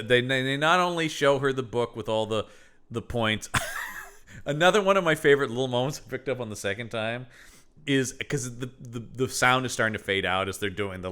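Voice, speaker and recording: A man's voice: medium pitch, bright, forceful tone, smooth. A man co-hosting a podcast, chatting casually and jokingly, swearing freely as he rants. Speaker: podcast co-host.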